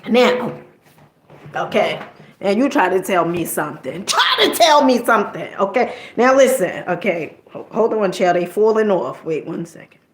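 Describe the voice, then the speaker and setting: A woman's voice: mid-range voice, expressive, moderate pace. A middle-aged woman from New Jersey telling a personal story in a casual, colloquial way, tossing in "okay?" and mild swearing.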